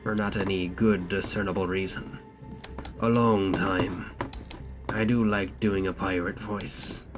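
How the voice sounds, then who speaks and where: A man's voice: low voice, little pitch movement, normal speed, hardly any pauses. A man streaming a video game, chatting casually and profanely and reading in-game notes aloud. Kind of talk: casual live-stream commentary. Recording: streamer over loud game music.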